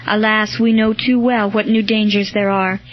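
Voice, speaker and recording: A woman's voice: mid-range voice, level tone, moderate pace, lightly acted. A woman reading the part of an anxious, worried noblewoman in a storybook. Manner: eager, worried. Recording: dull lo-fi with faint music.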